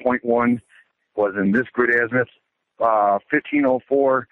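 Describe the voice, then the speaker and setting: A man's voice: medium pitch, measured pace, no room sound. A middle-aged man calling in, telling a story in a casual, matter-of-fact way, like a military report. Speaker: caller. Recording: tinny phone line.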